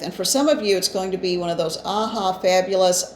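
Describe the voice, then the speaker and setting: A woman's voice: on the low side, quick pace, few pauses. A woman giving a casual spiritual card reading, chatty and reassuring, with fillers and restarts, a bit short of breath. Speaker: psychic reader. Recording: echoey room, faint ambient noise.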